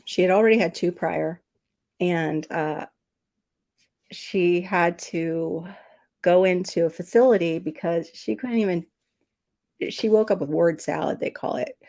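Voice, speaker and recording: Middle-aged woman host, low gravelly voice, casual teary livestream chat. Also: darkish tone. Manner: emotional, tearful storytelling, sniffling. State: teary, sniffling.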